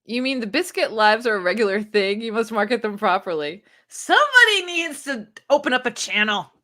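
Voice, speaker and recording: A woman's voice: fairly high pitch, big pitch swings, fairly quick, bright, forceful tone. A woman hosting a casual live stream, reading viewers' comments aloud and chatting with them, laughing often. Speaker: booktube live-stream host.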